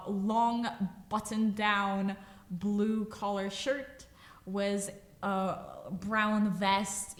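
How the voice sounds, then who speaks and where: A woman game master narrating a tabletop game with slow, dramatic scene-setting. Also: mid-range voice. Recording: echoey room.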